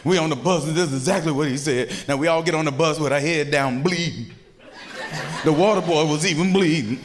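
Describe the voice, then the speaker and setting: A man doing a stand-up comedy set, telling stories loudly and acting out the voices of the people in them. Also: a little high, a little fast, poor audio. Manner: loud animated storytelling, acts out voices. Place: comedy club stage.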